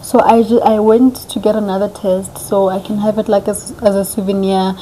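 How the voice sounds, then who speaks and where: A young woman vlogger telling a story casually, chatty and animated, acting out what people said. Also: medium pitch, normal speed, slight background noise, low-quality recording. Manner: animated, chatty, acts out quoted dialogue.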